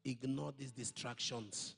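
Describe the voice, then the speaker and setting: A man voicing God as a solemn, deep speaker, giving slow, grave pronouncements. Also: fairly even intonation, gravelly, fairly bright tone, husky, full character voice. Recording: long hall reverb.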